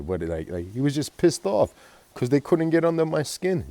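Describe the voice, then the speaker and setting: A man's voice: mid-range voice, sing-song, moderate pace, dark tone, no echo. A man telling a rambling, profane personal story in a vlog, agitated and full of fillers. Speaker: vlogger.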